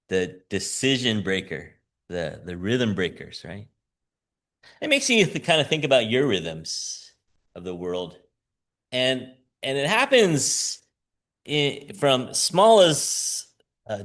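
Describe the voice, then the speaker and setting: A man's voice: medium pitch, sing-song, slow, a bit bright. A man who teaches school, preaching a conversational sermon with frequent chuckles and "right?" asides.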